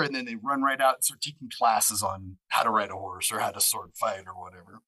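A man's voice: fairly low pitch, steady tone, brisk, hardly any pauses, bright, forceful tone, no echo, low-quality recording. Chatty male audiobook narrator. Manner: rambling storyteller, acts out quoted exchanges. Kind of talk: casual interview chat.

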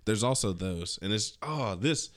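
A man's voice: lowish voice, lively intonation, measured pace. A man co-hosting a movie podcast, talking casually with slang and restarting mid-thought. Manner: laid-back, slangy, trails off mid-thought. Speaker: podcast co-host. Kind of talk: casual movie-review chat.

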